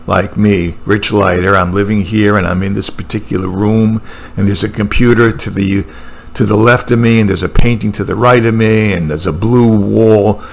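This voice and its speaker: Man, low gravelly voice, casual home monologue that muses and restarts often. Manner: musing, with frequent fillers and restarts. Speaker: booktuber talking about philosophy. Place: room at home with a computer and a painting.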